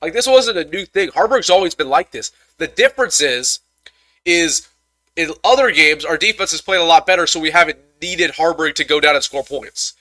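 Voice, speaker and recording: A young man hosts a live football reaction stream, venting in a frustrated rant full of stammered restarts. His voice sits a touch high and sounds sharp and forceful. The sound is close and dry, with no room around it. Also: animated, normal speed, no room sound. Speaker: sports commentator host.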